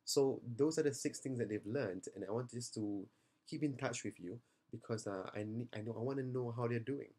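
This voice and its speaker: A man's voice: mid-range voice, normal speed, warm tone. A young man, a seminar trainer, talks earnestly and reassuringly to parents in a video message, with many fillers and restarts, tired after the seminar.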